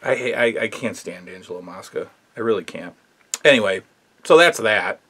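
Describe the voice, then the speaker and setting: A man's voice: fairly low pitch, expressive, moderate pace, pushed and bright, slightly rough. A man hosting a casual review show, talking in a rambling, opinionated way with lots of fillers. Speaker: wrestling history show host.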